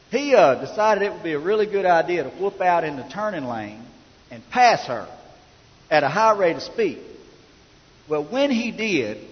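A man's voice: a little high, long reverb tail, highs cut off. A middle-aged man preaching a sermon in a folksy, conversational storytelling manner. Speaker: pastor.

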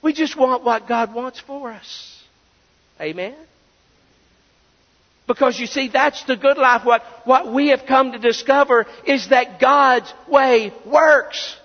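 A man with a high voice preaches a sermon, pressing his points with rhetorical questions. His words ring out with a long reverb, as if filling a church sanctuary. The audio is dull and lo-fi. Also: takes it slowly. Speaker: pastor.

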